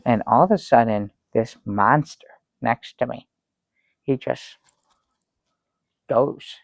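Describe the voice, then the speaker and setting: A man playing an excitable talk show guest in an improvised comedy sketch, rambling and halting, breaking into theatrical exclamations. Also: mid-range voice, creaky, dry recording. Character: fussy excitable man telling a travel story. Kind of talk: improvised comic storytelling.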